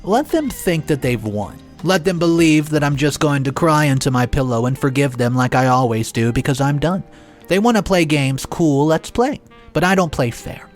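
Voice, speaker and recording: A man narrating a dramatic first-person story in a sarcastic, exasperated and animated way. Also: mid-range voice.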